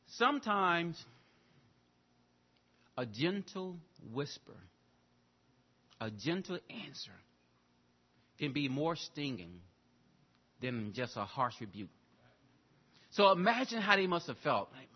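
A man preaching a sermon, telling a story and swinging between loud exclamations and hushed asides. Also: fairly high pitch, big pitch swings, takes it slowly, pauses often, muffled recording. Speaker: pastor.

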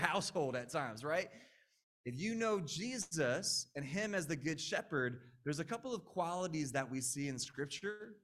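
A young man in his late twenties preaches with an earnest, conversational manner. His voice sits a little high for a man, and he keeps turning to the congregation with quick asides. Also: fairly bright tone. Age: 20s. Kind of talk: sermon.

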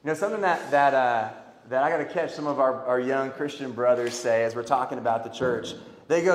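A man preaching a sermon, swinging from loud emphatic calls to quiet earnest pleas. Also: medium pitch, fairly quick. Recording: echoey hall.

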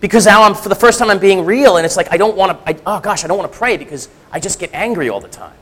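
A very fast, animated, high-pitched voice with a bit of brightness fills a large hall as a middle-aged church speaker of three-quarters Sicilian heritage shares his personal testimony. The sermon is candid and self-mocking, delivered conversationally with lots of restarts.

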